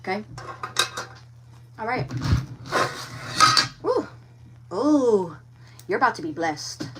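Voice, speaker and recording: A woman's voice: mid-range voice, sing-song, takes it slowly, distant mic, a little hiss or hum. A woman giving a live tarot reading, talking frankly and with animation straight to her viewers. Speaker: tarot reader.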